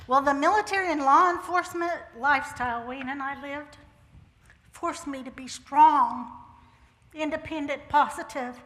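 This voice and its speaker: A woman's voice: high-pitched, moderate pace, a bit bright. An older woman sharing her personal testimony with a congregation, folksy and humorous, with homespun turns of phrase. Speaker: church speaker sharing testimony. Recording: church hall with long reverb.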